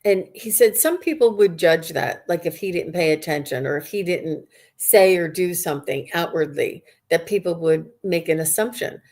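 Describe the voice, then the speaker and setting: Woman, low-ish voice, psychic medium on a live stream, earnest and rambling. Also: moderate pace, few pauses, a little mellow. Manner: earnest, rambling, many restarts and fillers. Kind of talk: live-stream reading for viewers.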